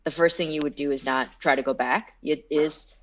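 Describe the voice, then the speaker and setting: A woman's voice: low-pitched, fairly even intonation, normal speed. A woman player in a tabletop game, talking in an easygoing, casual way. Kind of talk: casual in-character play. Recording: dull lo-fi mic with faint noise.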